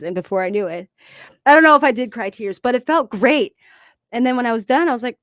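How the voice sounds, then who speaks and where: A woman's voice: fairly high pitch, fairly quick, long pauses, no room sound, studio quality. Emotionally open woman sharing recovery stories. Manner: open, emotional, animated storytelling. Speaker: podcast co-host. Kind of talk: casual recovery discussion.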